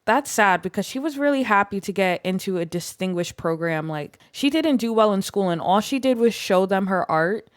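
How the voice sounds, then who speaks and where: A woman's voice: mid-range voice, animated, normal speed, few pauses, dry recording. A young woman talks through a life-sim game in a chatty, rambling way, full of "like" and playful asides where she voices the characters. Her voice sits in a middle range. The recording is dry and close, with no room sound. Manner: chatty, filler-heavy storytelling, voicing game characters' thoughts. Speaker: gaming YouTuber. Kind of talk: casual gameplay commentary.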